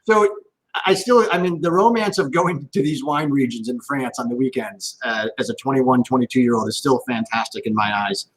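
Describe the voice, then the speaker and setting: A man's voice: mid-range voice, moderate pace, low-quality recording. A man hosting a wine tasting interview, enthusiastic and often restarting his sentences. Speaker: host. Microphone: video call.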